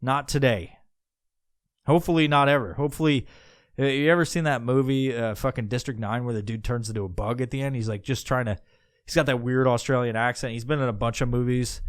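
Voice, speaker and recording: A man thinking out loud in a loose, wandering podcast monologue, swearing freely and stopping to restart his sentences. His voice is smooth and resonant. The sound is close and dry, with no room around it. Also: mid-range voice, fairly even intonation, a little fast, dry recording. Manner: meandering, profane, musing aloud with many restarts. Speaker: podcast host. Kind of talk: casual rambling monologue.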